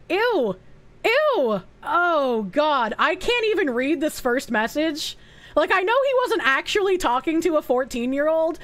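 A woman's voice: sits high, fairly bright tone. A young woman streaming live, reading messages aloud and reacting in a blunt, profane, openly disgusted way.

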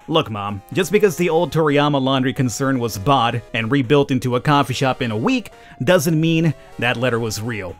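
A man voicing a defiant young woman in a game in his own lower voice, sarcastic and dry. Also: animated, moderate pace, hardly any pauses, faint music behind, natural voice.

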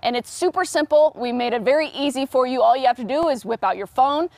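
A woman news reporter talks through a live segment in a chatty, upbeat manner, dropping casual fillers. Her voice sits fairly high. The sound is dry and close, with no room echo. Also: quick pace, creaky.

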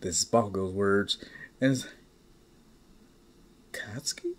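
A man tells a fan fiction story off the cuff, in an unhurried, rambling way. His voice sits at a middle pitch, and he drops casual swearing as he goes.

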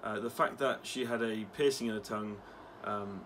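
A man's voice: on the low side, normal speed, a bit bright, slight background noise. A young man, an ex-soldier vlogger, talking casually with swearing and lots of fillers. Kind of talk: casual commentary vlog.

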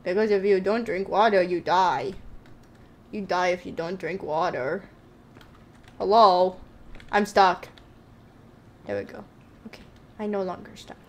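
A woman's voice: medium pitch, lively intonation, measured pace, pauses often, slight background noise. A woman streaming a horror game, chatting with her viewers in a jokey, jittery way while she admits she is scared. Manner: chatty, talks to chat, nervously jokey. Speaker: gaming streamer. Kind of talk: live-streamed game commentary.

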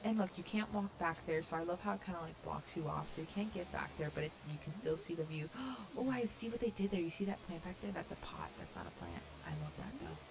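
A young woman casually commenting as she tours a video game island, gushing and gasping with excitement. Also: on the low side, fast talker, few pauses. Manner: gushing, excited, lots of gasps and "oh my God". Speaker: gaming vlogger touring a fan-made island.

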